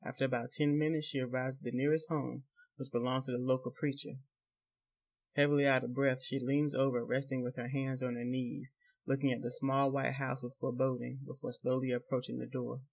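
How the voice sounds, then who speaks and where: A man narrating a novel in a measured, even storytelling voice. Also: medium pitch, creaky. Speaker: audiobook narrator. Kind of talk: scripted narration.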